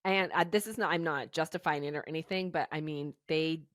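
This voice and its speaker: A woman's voice: sits low, steady tone, a little fast, no room sound, studio quality. A woman co-hosting a podcast, retelling a true-crime case in a chatty, casual way full of "you know" fillers. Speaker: podcast co-host.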